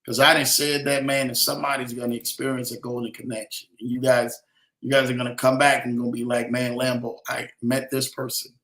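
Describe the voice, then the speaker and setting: A young man hosting a livestream, giving heartfelt motivational talk with lots of "man" and "y'all" and reading shout-outs to his chat. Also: mid-range voice, flat delivery, fast talker, roomy sound, low-quality recording. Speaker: livestream host.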